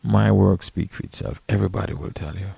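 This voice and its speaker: A caddy and podcast host telling stories in a blunt, profane, emphatic casual rant. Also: male voice, deep voice, fairly even intonation, fairly quick, gravelly, mellow, husky, no echo.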